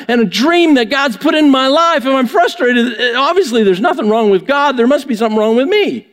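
A man with a high voice delivers a sermon from the pulpit, driving his message home with rhetorical questions. His words ring out with a long reverb across the church hall. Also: expressive, normal speed, few pauses, a bit bright. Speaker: pastor. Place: church sanctuary.

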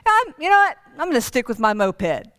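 A woman's voice: high-pitched, very animated, a little fast, a bit bright, dry recording. A woman voicing a sly ninety-year-old man on a moped, delivering a joke's punchline dryly. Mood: amused.

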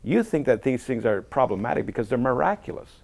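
Fast-talking gravelly man. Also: medium pitch, big pitch swings, a little mellow. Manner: emphatic, quotes people in acted voices. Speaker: guest apologist. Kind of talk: casual conversation.

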